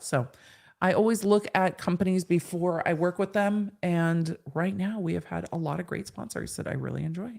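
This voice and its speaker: A woman's voice: mid-range voice, gravelly. A woman in her thirties hosting a live stream, reading viewers' chat comments aloud and answering them in a frank, chatty way.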